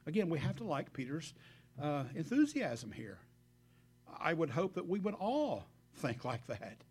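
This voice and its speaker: A man delivers a sermon in an easy, conversational way, talking straight to his congregation. His voice sits a little high for a man, and he stays earnest and reflective as he moves between scripture and his own thoughts. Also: very animated, a little slow, breathy edge. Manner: earnest, warm direct address to the congregation, reflective asides. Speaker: preacher.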